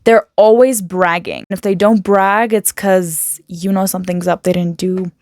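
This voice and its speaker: A woman talking casually to camera in a motivational vlog, chatty and animated, full of quick asides and filler words. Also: medium pitch, no room sound, clean studio sound. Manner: chatty and talkative, self-described loud. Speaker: motivational vlogger.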